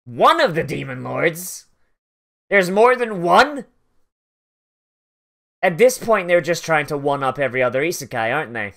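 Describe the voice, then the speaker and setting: A man's voice: on the high side, big pitch swings, a little slow, gravelly, pauses often, sharp tone. A man giving profane, sarcastic watch-along commentary on an anime, mock-angry and swearing often. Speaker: anime reactor.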